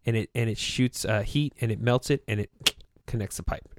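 A man's voice: lowish voice, fairly quick, a little hiss or hum. A man on a talk show, laughing as he tells a work story casually and acts out his coworkers' lines. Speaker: guest.

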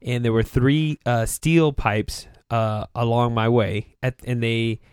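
A man's voice: mid-range voice, steady tone, takes it slowly, a little mellow, smooth, no echo, clean studio sound. A man on a talk show, laughing as he tells a work story casually and acts out his coworkers' lines. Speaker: guest.

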